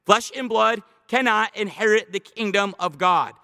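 A man preaching a sermon as pastor, animated, slowing down to stress scripture quotes. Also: high voice, vocal fry, long reverb tail.

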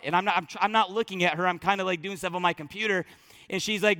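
Middle-aged male pastor, high bright voice, casual storytelling sermon, long church reverb. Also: racing. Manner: conversational storytelling, animated quoted voices. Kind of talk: sermon with personal stories. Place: church sanctuary. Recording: long reverb of a large hall.

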